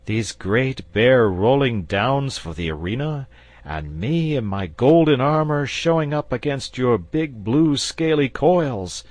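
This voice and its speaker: Earnest persuasive knight, storybook, raised above a low voice, lively swings, played by a man. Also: slow pace, no room sound. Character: confident, patient male knight.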